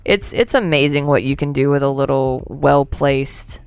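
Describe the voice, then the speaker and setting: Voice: medium pitch, normal speed, clear, resonant tone, no room sound, faint music behind. A game streamer chatting casually through a livestream, rambling, laughing and answering chat, a few drinks in.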